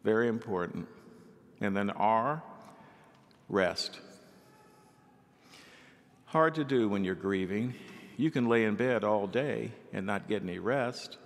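A male pastor preaching a sermon in an animated way, acting out the people he quotes. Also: mid-range voice, vocal fry, long reverb tail.

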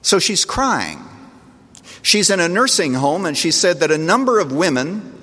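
A man preaching a sermon as pastor, speaking earnestly and letting his voice swell on key phrases, then drop low and soft. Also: big pitch swings, a little slow, husky, big-room sound.

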